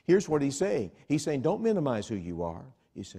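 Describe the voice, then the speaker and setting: A man preaching a revival sermon as an evangelist in a church, conversational and animated, swinging from soft asides to loud exhortation and acting out the voices of imagined listeners. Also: medium pitch, fairly quick, hardly any pauses, slightly rough. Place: church sanctuary.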